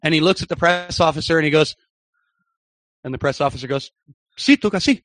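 Brief: young male sports reporter, podcast guest, lively anecdote, voice sits on the high side, dry close sound. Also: quick pace, dry recording. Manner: animated, excited anecdote-telling. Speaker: soccer journalist and broadcaster, podcast guest. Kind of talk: storytelling in a podcast interview.

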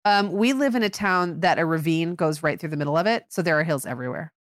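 A woman's voice: deep voice, fast talker, dry recording, clean studio sound. A middle-aged woman from Michigan co-hosting a parenting podcast, chatting casually and filling her talk with "like.". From Michigan, USA. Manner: chatty, many "like" fillers. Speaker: podcast co-host and mother. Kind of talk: casual chat.

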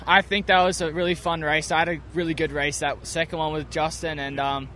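A man's voice: a little high, little pitch movement, brisk, pushed and bright, slight background noise. A man with an Australian accent, a motocross racer talking in an upbeat, chatty way in a post-race interview outdoors at a race track.

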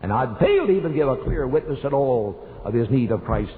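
Older preacher in a tinny echoing hall. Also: male voice, big pitch swings, fairly quick. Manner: storytelling, emphatic rises in pitch. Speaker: pastor. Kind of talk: sermon. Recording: tinny phone-like sound in a reverberant hall.

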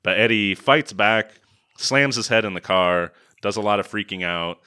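A man co-hosting a podcast, casually recapping a film with animated storytelling and sudden loud impressions. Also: on the low side, normal speed, smooth. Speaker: podcast co-host. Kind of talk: casual movie recap chat.

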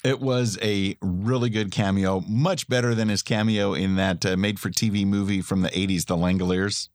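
Low-voiced enthusiastic man chatting about TV. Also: steady tone, moderate pace, dry recording, clean studio sound. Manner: enthusiastic, laughs often, plays up drama. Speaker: podcast co-host. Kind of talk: casual TV recap chat.

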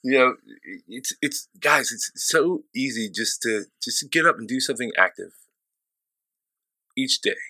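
Emphatic, fired-up podcast man with a bright voice. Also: mid-range voice, lively intonation, unhurried, no echo. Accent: St. Louis. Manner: motivational, emphatic, swears freely. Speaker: podcast co-host. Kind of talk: casual chat.

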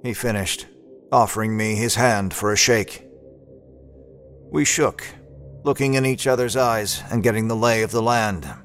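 A man's voice: fairly low pitch, a little slow, long pauses, soft background music. A man narrating an audio drama in the first person, with a folksy old-timey drawl and a laid-back, wry manner.

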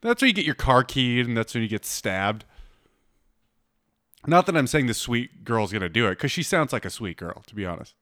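Blunt teasing man, lively pitch. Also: normal speed, no room sound, clean studio sound. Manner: blunt, teasing, laughs often, swears freely. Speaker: co-host giving dating advice. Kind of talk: casual chat.

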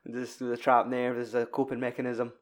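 A man co-hosting a podcast in casual, rambling chat, often correcting himself. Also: medium pitch. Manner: rambling, chatty, self-correcting. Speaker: podcast co-host.

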